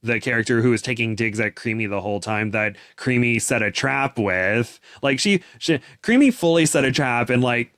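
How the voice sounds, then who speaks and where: A young man co-hosting a casual chat, animated and full of restarts, breaking into excited voices when he quotes someone. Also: medium pitch, moderate pace, few pauses, dry recording, clean studio sound. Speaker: podcast co-host. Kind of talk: casual chat recapping a novel.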